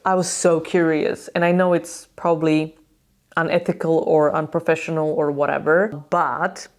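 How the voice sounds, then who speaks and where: Ranting woman from Slovakia, lowish voice. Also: moderate pace. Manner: animated storytelling, acting out quotes, sarcastic. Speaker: hockey vlogger. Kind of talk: casual ranting vlog.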